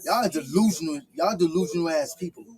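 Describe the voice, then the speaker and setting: A man giving heated, scolding commentary full of rapid-fire rhetorical questions. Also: on the high side, crowd noise.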